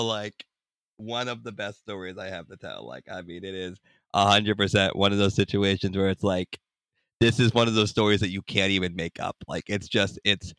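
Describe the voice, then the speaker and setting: A young man recounts a personal story as a podcast guest, lively and casual. His voice sits a little low but sounds bright and forceful. The recording is dry and close. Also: dry recording. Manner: animated, acts out voices in anecdotes.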